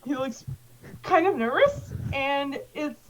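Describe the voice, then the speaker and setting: A woman's voice: sits high, big pitch swings, takes it slowly, a little hiss or hum, rough recording. A young woman narrating as game master of a tabletop game, laughing often and using many fillers.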